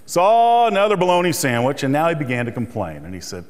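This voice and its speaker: A man's voice: medium pitch, lively intonation, moderate pace, few pauses. A middle-aged man giving a humorous motivational keynote speech, telling jokes and stories to a conference audience. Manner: storytelling, joking. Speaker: keynote speaker. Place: conference hall. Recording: reverberant hall.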